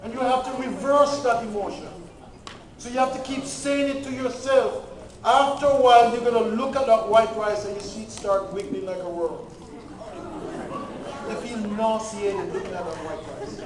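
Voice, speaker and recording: A man's voice: very high voice, moderate pace, a crowd in the background. A man giving a health lecture with a faith angle, emphatic, repeating key points and checking that the audience follows. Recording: echoey hall from far off.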